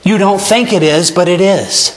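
A man's voice: high-pitched, normal speed. A male pastor preaching an earnest sermon to his church and reading scripture aloud. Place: church sanctuary.

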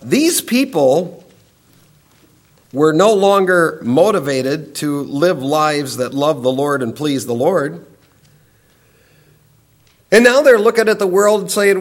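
A middle-aged man preaches in a high-pitched voice. He is emphatic, pushing some lines up urgently and letting others sink low and quiet, as in a sermon. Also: lively intonation, slow. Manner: emphatic, swings from raised to hushed.

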